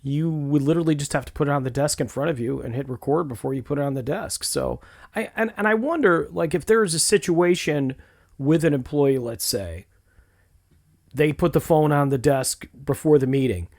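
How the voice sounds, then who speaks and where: A man's voice: a little high, normal speed, creaky, darkish tone. A man from Western New York hosting a podcast, telling a story and asking questions in a conversational way. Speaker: podcast host. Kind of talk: podcast discussion.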